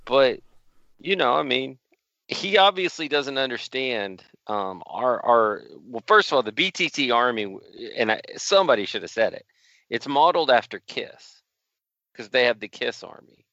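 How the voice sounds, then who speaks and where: A man co-hosting a casual chat, dry and sarcastic, with halting restarts. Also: mid-range voice, animated, sharp tone, no room sound. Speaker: podcast co-host. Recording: slightly dull, lo-fi sound.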